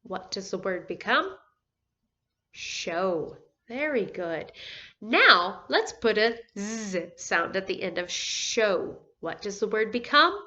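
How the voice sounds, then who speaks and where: A woman teaching a phonics lesson to first graders, speaking slowly and clearly, sounding out letters and praising answers. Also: medium pitch, pushed and bright, highs cut off. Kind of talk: phonics lesson for young children.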